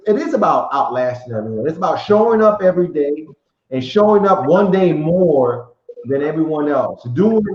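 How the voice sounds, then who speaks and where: Over echoey, muffled live-stream audio, a podcast host chats casually, rambling reflectively and often restarting. His voice is fairly high with a darkish tone.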